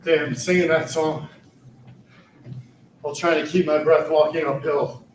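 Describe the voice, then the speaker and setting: A man's voice: fairly high pitch, little pitch movement, a little slow, slight background noise. Winded man on a distant mic. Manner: breathless, off-key singing between short workout remarks. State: out of breath. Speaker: fitness streamer. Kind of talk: singing and talking during a treadmill workout. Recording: roomy sound from a distance.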